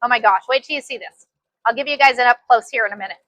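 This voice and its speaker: A woman giving a casual sewing machine demonstration, chatty and excitable, repeating her phrases as she works. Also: fairly high pitch, racing, no echo. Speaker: sewing instructor.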